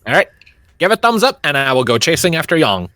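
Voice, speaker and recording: An excitable, giggly man playing a tabletop game. His bright voice swoops high and low, and the recording is close and dry. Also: fast, no echo. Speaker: player.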